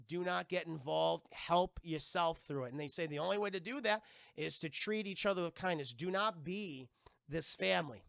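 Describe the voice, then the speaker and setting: A man's voice: on the high side, gravelly, dry recording, clean studio sound. A man streaming a live review of a cartoon episode, retelling scenes with lots of swearing, acting out the characters' lines and talking to his chat. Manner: animated, profane recap that acts out the characters' lines; addresses the stream chat directly.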